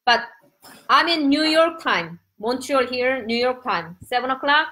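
Excitable middle-aged Korean-accented woman. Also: high-pitched, measured pace, poor audio. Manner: excitable, chatty, greets viewers by name. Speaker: live-stream host, Korean teacher. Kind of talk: casual live-stream chat. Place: home.

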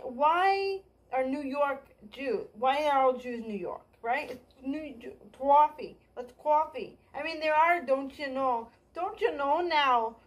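Woman stand-up, high-pitched, scattered and self-deprecating, trails off and restarts. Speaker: stand-up comic. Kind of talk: rambling comedy monologue.

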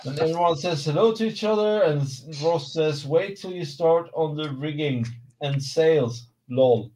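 A man hosting a casual live stream while building a model kit, excitable, self-mocking and swearing freely. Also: a little high, measured pace, a little hiss or hum.

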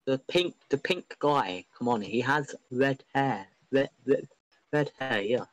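A man giving excitable, rambling, openly biased live commentary on an online football match. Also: medium pitch, slow, no echo, poor audio.

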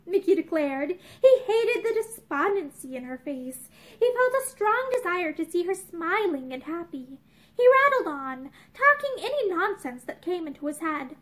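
A woman's voice: very high-pitched, very animated, moderate pace. A young woman reading a novel aloud expressively, with small restarts, in a room with bookshelves. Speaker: reader of a novel.

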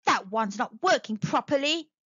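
Flustered witch lady, read by a woman, bright high voice, all exclamations, kinda muffled dry audio. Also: expressive, moderate pace, breathy edge, dry recording, exaggerated voice. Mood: fretful. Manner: exclamatory, fretful. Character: flustered grown-up witch woman, cheerful but easily worried. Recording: slightly muffled dry recording.

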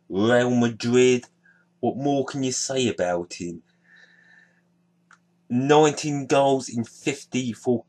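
A man in a casual show-and-tell video, walking through a finished sticker collection. He speaks at a slow, relaxed pace with a mid-range voice, reading out names one after another. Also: mid-range voice. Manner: unhurried, listing names one by one.

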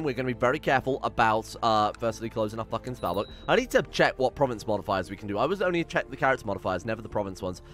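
A gaming channel host with a mid-range, slightly bright voice rambles and swears through let's-play commentary on a strategy game, reading its event text aloud dramatically.

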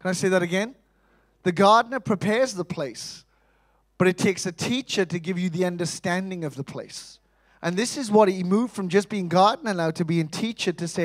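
High-voiced man preaching. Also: fairly quick. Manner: animated, rhetorical questions, acts out quotes. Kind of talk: sermon. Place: church.

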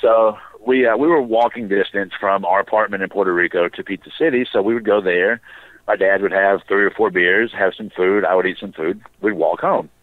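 A man's voice: lowish voice, brisk, no room sound. Man on a tinny phone line. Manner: relaxed storyteller, dry sarcastic asides. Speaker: wrestler guest. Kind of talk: casual storytelling interview.

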